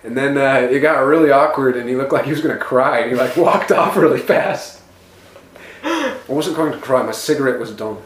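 A man's voice: mid-range voice, lively intonation, fairly quick. Teasing man telling a story, roomy sound. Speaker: podcast co-host. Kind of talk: casual comedic banter. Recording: roomy with faint noise.

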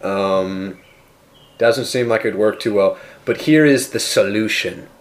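A man's voice: on the low side, unhurried. A man co-hosting a casual comedy podcast, rambling and joking crudely, sometimes playing mock-offended. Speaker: podcast co-host.

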